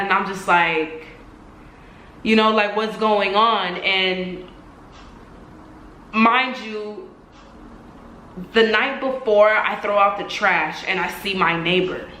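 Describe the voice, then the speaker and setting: Young woman, casual storytime vlog, bright tone, animated, acts out voices, echoey room. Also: mid-range voice, a little hiss or hum. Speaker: vlogger.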